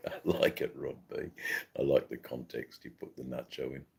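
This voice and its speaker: A middle-aged Australian man with an Australian accent, hosting a relaxed, rambling live stream and chatting with viewers, with many ums and restarts. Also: a bass voice, moderate pace, vocal fry, breathy edge. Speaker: livestream host. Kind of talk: casual live-stream chat, reading viewer comments.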